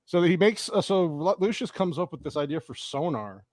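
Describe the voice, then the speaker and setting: A man's voice: fairly high pitch, lively intonation, moderate pace, darkish tone, no echo, studio quality. A young man hosting a live stream, giving rambling, profane commentary on a movie and laughing often. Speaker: streamer host. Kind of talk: casual movie watch-along commentary.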